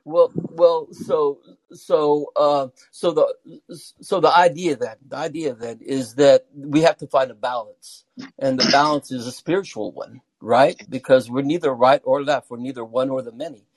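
A man's voice: medium pitch, steady tone, unhurried, no echo, poor audio. A man calling in to a talk show by phone, rambling and repeating words as he builds an argument. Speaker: caller. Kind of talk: casual call-in discussion. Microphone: phone through a call-in app.

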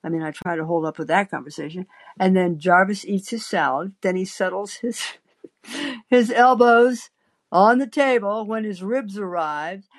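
A woman's voice: medium pitch, normal speed. A woman hosting a call-in podcast, telling a rambling, anecdotal story full of fillers and restarts. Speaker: podcast host.

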